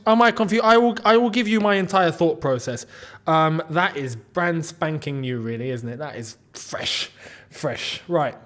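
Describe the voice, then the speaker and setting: A young man hosting a live football watchalong, chatty and quick to laugh as he talks to his viewers. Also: sits high, a bit bright. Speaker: football channel host.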